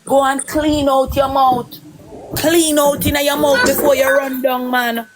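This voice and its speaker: A woman's voice: high voice, little pitch movement, unhurried, noisy background. A Jamaican woman ranting in patois, scolding someone over and over. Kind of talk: heated gossip chat in patois.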